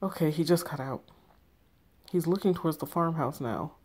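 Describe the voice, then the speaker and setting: A woman's voice: low voice, moderate pace, darkish tone, husky. A woman reading as a frightened young woman in hiding. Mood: scared. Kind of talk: text story read aloud.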